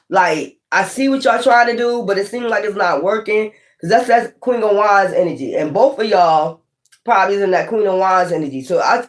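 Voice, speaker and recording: Tarot reader doing a loose, profane reading with heavy slang and emphatic repetition, mid-range voice. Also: medium pitch. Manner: rambling, profane, streetwise slang; emphatic, repeats points.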